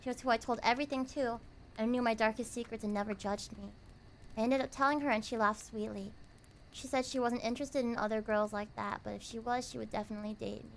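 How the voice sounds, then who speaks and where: A young American woman streaming a cozy late-night chat, reading comments aloud, playful and squealing at times, then soft and reflective. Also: fairly high pitch, steady tone, fast talker, gravelly, a little hiss or hum. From United States.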